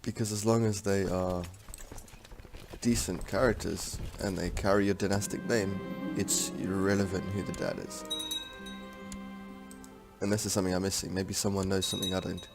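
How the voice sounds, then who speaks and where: Gaming host: man, low gravelly voice, rambling think-aloud commentary, faint music behind. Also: level tone, normal speed. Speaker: strategy game let's-player. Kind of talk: casual gameplay commentary.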